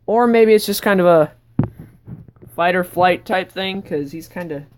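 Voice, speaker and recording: A woman vlogger giving a casual, rambling tour of her sketchbook, breaking into sudden excited outbursts. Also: fairly low pitch, measured pace, a little hiss or hum.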